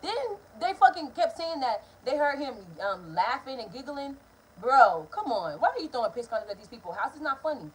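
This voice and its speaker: A young woman vlogger telling a story, blunt and profane in an animated casual storytime. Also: high voice, brisk, slightly rough, rough recording.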